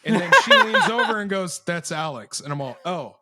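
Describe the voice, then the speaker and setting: A young man with a notably high voice, cursing freely as he tells animated stories on a podcast. The sound is dry and close-miked, and he acts out every quoted line. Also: normal speed, dry recording. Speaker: podcast co-host. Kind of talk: casual storytelling chat.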